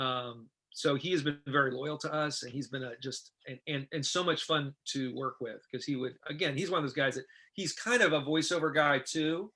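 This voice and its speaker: A middle-aged man, a film director, telling casual stories in an interview and acting out what others said in lively voices. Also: medium pitch, fairly quick, hardly any pauses, slightly rough. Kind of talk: casual anecdotal storytelling.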